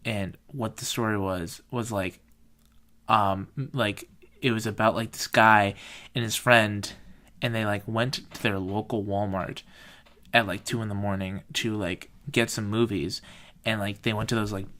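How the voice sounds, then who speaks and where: A young man chatting on a podcast in a loose, rambling way, with a bright, crisp-edged tone. He pads every sentence with filler and curses freely. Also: lowish voice, fairly even intonation, unhurried. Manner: rambling, heavy filler words and swearing. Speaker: podcast host. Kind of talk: casual chat.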